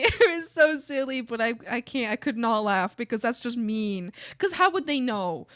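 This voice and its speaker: High-voiced woman chatting while drawing. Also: moderate pace, few pauses. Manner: animated, bursts of laughter, rambling asides. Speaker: streamer. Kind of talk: casual chat while drawing.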